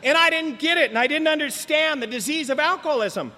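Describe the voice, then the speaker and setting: High, bright-voiced older man in a hall. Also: fairly quick, slight background noise. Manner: blunt, emphatic, repeats words for effect. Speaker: speaker at a recovery meeting. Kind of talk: personal testimony talk. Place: meeting hall. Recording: long reverb of a meeting hall.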